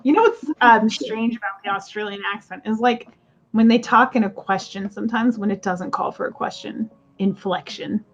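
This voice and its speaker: A woman's voice: medium pitch, fairly even intonation, normal speed, creaky. A woman chatting on a live auction stream, rambling off on tangents and laughing often. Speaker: guest seller. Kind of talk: casual live-stream chat. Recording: dull lo-fi audio.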